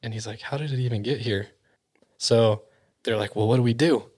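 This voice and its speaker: A man at an average pitch tells an eerie tale in a relaxed, chatty way. He acts out the people in the story and often sinks to a soft, hushed near-whisper. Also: brisk, slightly rough. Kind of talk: casual spooky storytelling.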